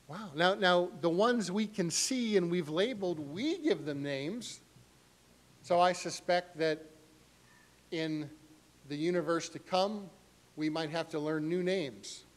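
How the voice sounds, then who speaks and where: A middle-aged male pastor delivers an animated sermon at a slow pace, acting out voices with sharp jumps in pitch.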